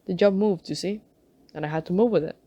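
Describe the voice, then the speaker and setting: A woman's voice: lowish voice, fast talker, dark tone, dull audio. A woman reading aloud, voicing a mild and doubtful middle-aged accountant who speaks hesitantly. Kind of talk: audiobook character reading.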